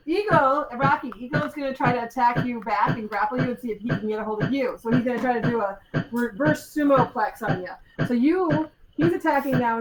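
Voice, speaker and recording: A woman running a live tabletop game as game master, explaining rules with ums and acting out the fight. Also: a little high. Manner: lively, explains rules with ums, acts out moves. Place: convention stage. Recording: live convention hall with loud crowd.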